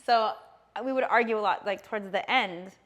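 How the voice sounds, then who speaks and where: A woman's voice: medium pitch, a little fast, fairly bright tone. A woman in her thirties telling a personal story on a casual podcast, rambling along with lots of fillers and easy laughter. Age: 30s.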